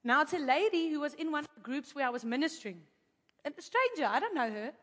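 A woman preacher telling a testimony to her audience in an animated, chatty way, with asides to the crowd. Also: sits high, quick pace. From South Africa. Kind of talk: testimony in a sermon. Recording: long hall reverb.

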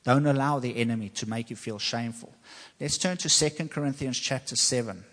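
A man's voice: medium pitch, brisk, a bit bright. A man preaching a sermon as pastor, earnest and personal, repeating himself for emphasis. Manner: earnest, personal testimony with repetition. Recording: long hall reverb.

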